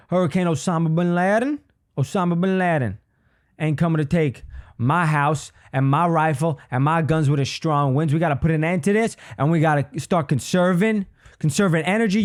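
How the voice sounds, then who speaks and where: A man's voice: a little high, a little mellow, pitched above the performer's own voice, natural voice. A man voicing an indignant rural Southern American man with a put-on Southern US accent. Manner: indignant, blustering.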